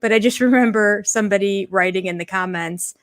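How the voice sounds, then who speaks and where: A woman co-hosts a relaxed live stream in a mid-range voice, chatty and quick to laugh. She often fills in with small sounds of agreement. Her voice is recorded dry and close, with no room sound. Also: mid-range voice, no room sound. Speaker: co-host and speech therapist. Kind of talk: casual live-stream chat.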